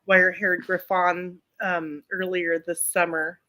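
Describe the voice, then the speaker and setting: A woman's voice: on the low side, little pitch movement, slow pace, bright, forceful tone. A middle-aged woman co-hosting a live stream, chatting casually and rambling with lots of ums and restarts. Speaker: co-host of a live chat stream. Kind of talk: casual chat.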